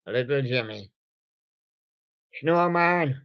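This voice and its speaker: Guy rambling on his live radio show, mumbly and slow, dull lo-fi sound. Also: medium pitch, fairly bright tone. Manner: meandering, mumbling, talks to toy guests. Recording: dull lo-fi recording.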